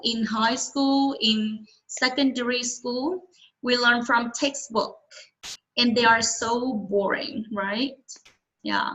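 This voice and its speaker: A woman's voice: a little high, a bit bright, muffled recording. A woman whose first language is Vietnamese, teaching English one-on-one and explaining patiently with frequent checking questions.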